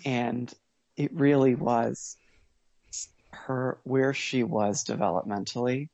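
A man telling his family's story as a podcast guest, earnest and measured, pausing and restarting as he reflects. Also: medium pitch, vocal fry, a little mellow, no room sound, muffled recording. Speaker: guest, father.

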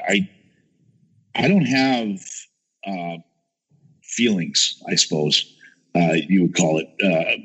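Husky man telling stories animatedly. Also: on the low side, lo-fi sound. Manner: animated storyteller, acts out quotes, swears. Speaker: guest, chef. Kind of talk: casual chat.

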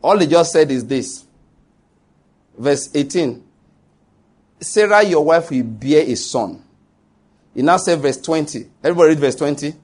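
A man's voice: a little high, animated, unhurried, pauses often, a little mellow. A middle-aged Nigerian man, a pastor preaching a sermon with emphasis and quizzing his congregation. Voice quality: husky.

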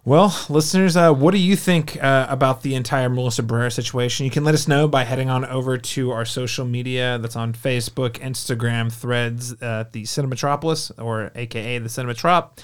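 A man's voice: medium pitch, steady tone, a little fast, hardly any pauses, clear, resonant tone. A man hosting a movie review podcast, chatting casually with lots of fillers and restarts. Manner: chatty, enthusiastic, filler-heavy. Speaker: podcast host.

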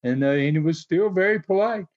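A man's voice: fairly high pitch, a little fast. A man casually recounting stories, rambling and dropping "man" and "uh" between phrases. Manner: rambling, peppers lines with 'man' and 'uh'. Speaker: storyteller recounting wrestling TV. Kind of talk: casual storytelling chat. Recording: dull lo-fi audio.

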